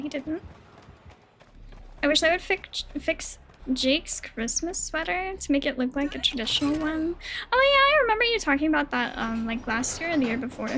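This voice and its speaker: A woman streaming a game live, chatting with teammates in an excitable way, swearing and squealing. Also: sits high, slight background noise. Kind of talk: live gameplay chat with teammates.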